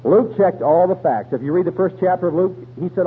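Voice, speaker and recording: Folksy high-voiced radio preacher. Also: male voice, a little fast, hardly any pauses, slightly rough. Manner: folksy, colloquial storytelling with slang. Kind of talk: radio sermon. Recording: tinny radio broadcast with faint hum.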